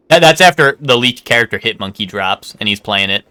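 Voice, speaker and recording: A man's voice: mid-range voice, lively intonation, a little fast, hardly any pauses, pushed and bright, smooth, no room sound. A man streaming a game live, chatting casually with a rambling, swearing, laughing manner. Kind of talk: casual live gameplay commentary.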